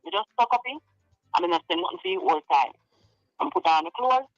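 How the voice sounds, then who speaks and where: A Jamaican man speaks fast in patois, with a high voice. He rambles, repeating lines and quoting others as he retells an ordeal. The clip sounds dull and lo-fi, with a dry sound. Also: big pitch swings, fairly bright tone, dry recording, faint music behind. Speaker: interviewee in a played clip. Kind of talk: recounting an ordeal in an interview.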